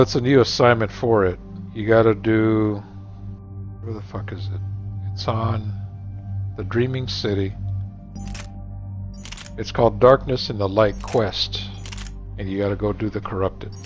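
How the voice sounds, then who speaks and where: Profane, low-voiced middle-aged man gaming. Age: 40s or 50s. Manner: profane, rambling, wisecracking. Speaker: gamer streaming. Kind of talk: casual rambling gaming chat. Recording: dull lo-fi recording, faint music.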